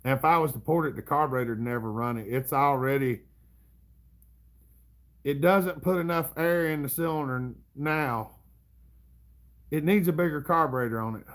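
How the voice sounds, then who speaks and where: A middle-aged man with a Southern accent runs a casual livestream, reading out comments in a drawling, chuckling, folksy way at normal speed. His voice is a little high, and he leaves long pauses.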